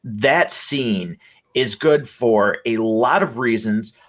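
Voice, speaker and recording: A man's voice: mid-range voice, takes it slowly, fairly bright tone. A man hosting a podcast, talking casually and with enthusiasm, with lots of fillers and restarts. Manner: enthusiastic, rambling with many fillers. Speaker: podcast host.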